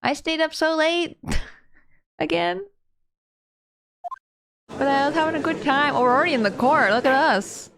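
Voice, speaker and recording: A woman's voice: sits high, a little slow, creaky, long pauses, fairly bright tone. A woman streamer chatting casually and giggling as she plays, with game music behind. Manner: giggly, chatty, reacts to chat. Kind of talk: casual chat while playing a game.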